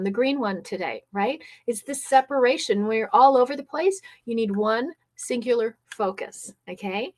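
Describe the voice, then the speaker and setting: Energetic woman coaching a live workshop. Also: a little high. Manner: energetic, many fillers and "okay?" check-ins; reads and answers live chat comments. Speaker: business coach and workshop host. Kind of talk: live online workshop teaching.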